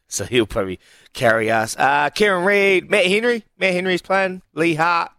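A man's voice: high voice, animated, normal speed, pushed and bright, clear, resonant tone, no room sound, studio quality. A man with a New Zealand accent co-hosting a radio show, chatting casually and upbeat. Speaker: radio co-host. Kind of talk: casual chat.

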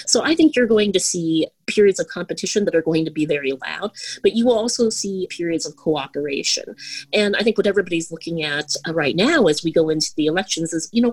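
Husky, measured woman, lower voice. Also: rough recording. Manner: measured, explanatory, frequent "you know". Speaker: guest, head of global research at a bank. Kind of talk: interview answers.

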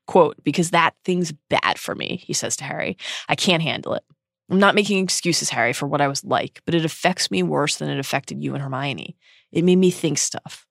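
Woman co-host reading a book essay aloud, measured and earnest, dry close mic. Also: sits low, vocal fry, a bit bright, no echo. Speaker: podcast co-host.

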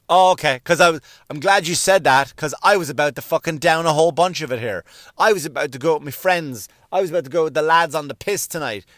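A man's voice: on the high side, a little fast, a bit bright, no room sound, studio quality. A man with an Irish accent, hosting and ranting in a sweary, sarcastic comic style. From Ireland. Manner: sweary, sarcastic, acts out silly voices. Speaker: podcast host. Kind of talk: profane comedic rant.

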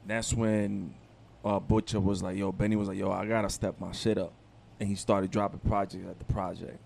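A man co-hosting a casual podcast, speaking in relaxed street slang. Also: sits low, normal speed, creaky. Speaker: podcast co-host.

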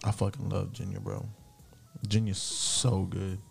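A man's voice: low voice, level tone, a little slow, vocal fry, husky, faint music behind. A man, trading joking, profane banter as a podcast co-host. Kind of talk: casual chat.

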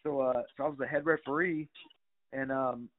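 A man's voice: medium pitch, fairly even intonation, normal speed. Rambling middle-aged man, tinny sound. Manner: rambling, with many fillers and swearing. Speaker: guest. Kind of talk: casual storytelling.

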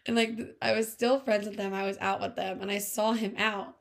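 A woman's voice: mid-range voice, little pitch movement, a little fast, creaky. A woman in her twenties co-hosting a podcast, telling a story in casual chat full of fillers. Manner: chatty storytelling, many "like" fillers, laughs often. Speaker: podcast co-host.

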